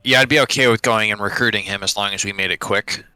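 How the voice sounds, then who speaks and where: Male player, very low voice, sharp edge, blunt and laid-back. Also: fairly even intonation, quick pace, clean tone. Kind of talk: tabletop role-play.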